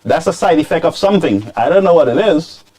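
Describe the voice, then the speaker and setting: A man hosting political commentary, scolding and animated, dropping into Creole phrases. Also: a little high, fast talker. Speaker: commentary show host.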